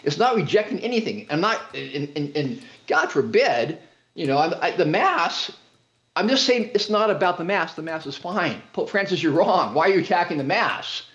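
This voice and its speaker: A man's voice: a little high, expressive, normal speed, a bit bright. A man speaking as a guest on a faith show, fervent and preacherly, driving his points home by repeating phrases. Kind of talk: impassioned religious talk. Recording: dull lo-fi audio.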